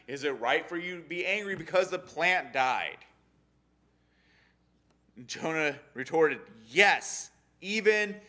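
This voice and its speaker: A young adult man giving a casual sermon on a Bible story, animated and acting out the characters' lines. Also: sits high. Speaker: Bible study teacher.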